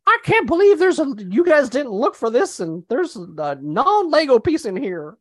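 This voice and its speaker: A man voicing a fussy male Lego purist with a country twang, high and loud above his own voice. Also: big pitch swings, normal speed, no room sound, clean studio sound, heavily acted. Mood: indignant.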